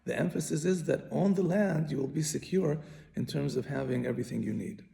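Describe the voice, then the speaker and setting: Guy teaching torah, super gravelly, kinda mellow dark sound, keeps restarting phrases. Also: on the high side, a little fast. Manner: patient, repeats and restarts phrases while explaining. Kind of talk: explaining a Bible commentary.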